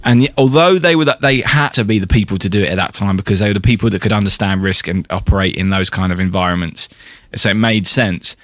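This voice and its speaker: A man's voice: fairly low pitch, fast talker, a bit bright, dry recording. A man co-hosting a podcast, chatting enthusiastically with frequent laughter. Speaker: podcast co-host. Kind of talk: casual chat.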